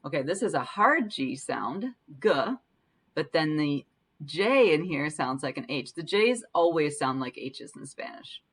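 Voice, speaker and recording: A woman teaching Spanish pronunciation in a patient way, slowly repeating each word to demonstrate it. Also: low-pitched, big pitch swings, slightly rough. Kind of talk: language lesson.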